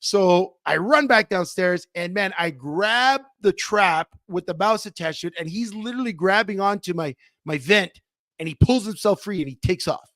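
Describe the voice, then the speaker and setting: Animated rambling man telling a story. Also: high voice, moderate pace, dry recording, studio quality. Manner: animated, rambling, self-interrupting. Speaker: podcast co-host. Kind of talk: casual storytelling chat.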